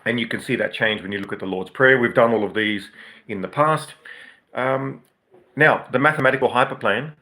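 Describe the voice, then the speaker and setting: Bright-toned man musing aloud. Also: medium pitch, normal speed. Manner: rambling, professorial, explains with asides. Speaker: podcast host. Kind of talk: unscripted reflective monologue.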